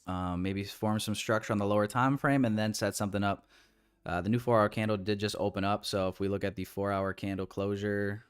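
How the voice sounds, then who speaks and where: A man's voice: lowish voice, fairly even intonation, a little fast, clear, resonant tone, soft background music. A man giving casual live trading commentary in a laid-back, slangy way with lots of fillers. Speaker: day trader streamer.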